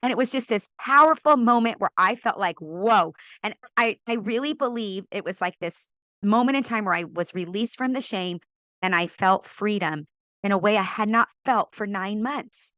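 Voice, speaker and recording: A middle-aged woman from California, a podcast guest and author, telling her faith story in an animated way, acting out quoted voices and laughing often. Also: medium pitch, normal speed, dry recording. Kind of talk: animated testimony in a faith interview.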